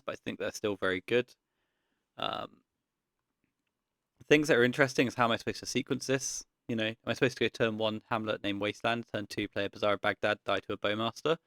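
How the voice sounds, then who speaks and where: A man giving casual gameplay commentary, thinking aloud in a relaxed way with frequent pauses and ums. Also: fairly low pitch, dry recording, studio quality. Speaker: card game content creator.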